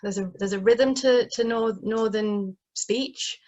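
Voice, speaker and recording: A woman's voice: mid-range voice, slow pace, a little mellow, muffled recording. Chatty northeast English woman, hesitant. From northeast England. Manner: chatty, hesitant, many fillers and restarts. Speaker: playwright guest. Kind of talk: casual interview talk.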